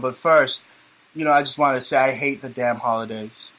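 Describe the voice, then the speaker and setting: A man's voice: medium pitch, steady tone, normal speed, fairly bright tone, low-quality recording. A man hosting a talk radio show, sarcastic and rambling in casual banter.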